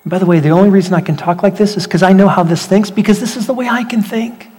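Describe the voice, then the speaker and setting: A man preaching a sermon as pastor, animated, swinging between loud rhetorical questions and hushed emphasis. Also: high voice, quick pace. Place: church hall. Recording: long hall reverb.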